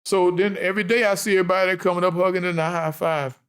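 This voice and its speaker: A man's voice: high voice, quick pace, clean tone. A man in his fifties, a basketball coach, telling stories earnestly in a candid interview. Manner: earnest, animated storytelling with casual speech.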